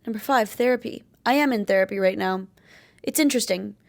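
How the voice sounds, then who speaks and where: A woman's voice: mid-range voice, fairly quick, gravelly. Young adult woman, vlogger; candid, blunt, profane, emphatic delivery. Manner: blunt, swears freely, emphatic. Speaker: vlogger sharing chronic illness tips. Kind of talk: candid talking-to-camera advice.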